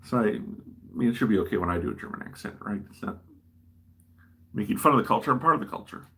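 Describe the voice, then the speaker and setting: Low, bright-voiced man chatting. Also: lively intonation, fast, slightly rough. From American Midwest. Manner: rambling, self-deprecating. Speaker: livestream host. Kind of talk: casual chat while building a model.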